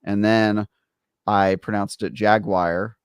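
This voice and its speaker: A man's voice: fairly low pitch, moderate pace, no room sound, studio quality. A man co-hosting a gaming podcast in casual chat, rambling through stories and poking fun at himself. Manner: rambling, self-deprecating storyteller. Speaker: podcast co-host.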